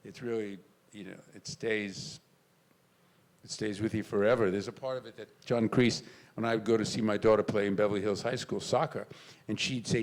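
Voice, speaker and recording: An older man, an actor, telling animated stories on a convention panel stage, now and then shouting out remembered lines. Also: lowish voice, a little fast, gravelly. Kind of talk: storytelling on a panel.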